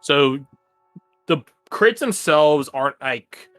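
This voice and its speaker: A man's voice: a little high, lively intonation, takes it slowly, fairly bright tone, soft background music. A man running a tabletop game as game master, describing the scene in a casual, rambling way full of filler words.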